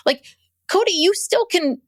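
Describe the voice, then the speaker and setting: A woman's voice: very high-pitched, animated, measured pace, dry recording. A woman co-hosting a podcast, recapping a reality show in casual chat, blunt and exasperated, swearing and acting out quotes in mocking voices. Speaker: podcast co-host.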